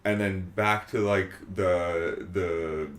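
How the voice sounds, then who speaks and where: Low-voiced man recounting scenes in an echoey room. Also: takes it slowly. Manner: animated retelling, acts out quotes. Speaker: podcast co-host. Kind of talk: casual film-review chat. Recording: roomy echo.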